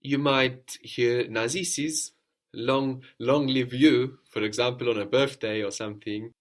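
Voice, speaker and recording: Guy teaching a language course, lowish voice, patient, repeats the student's answers. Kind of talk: guided audio lesson.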